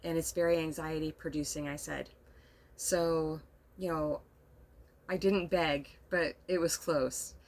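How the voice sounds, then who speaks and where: Soft-spoken middle-aged woman, emotional and rambling. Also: deep voice, fairly even intonation, unhurried. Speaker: vlogger. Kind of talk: casual storytelling monologue. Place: inside a camper.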